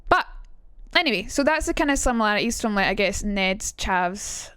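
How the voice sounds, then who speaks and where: A young woman with a Scottish accent chatting casually on a live stream, quick and swearing now and then. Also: medium pitch, animated, fairly bright tone, smooth, dry recording. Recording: dry room, faint music.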